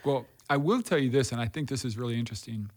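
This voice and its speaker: A man's voice: medium pitch, fast talker. A middle-aged man, a pastor, talking candidly and earnestly about his faith and hard times, repeating phrases for emphasis. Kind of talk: candid conversational testimony.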